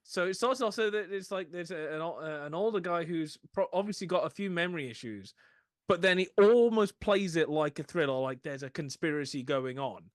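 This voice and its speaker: A man's voice: fairly high pitch, lively intonation, brisk, dry recording, studio quality. A man casually talking through a film on a podcast, stumbling and restarting often, acting out bits of dialogue. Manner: hesitant, many restarts, acts out quotes. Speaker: podcast co-host.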